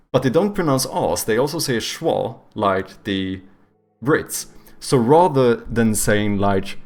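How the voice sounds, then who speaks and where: An unhurried man talks casually through a live stream in a mid-range voice. Calm stretches give way to sudden profane, excited outbursts. Faint music sits behind him. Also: mid-range voice. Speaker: streamer making and playing a game.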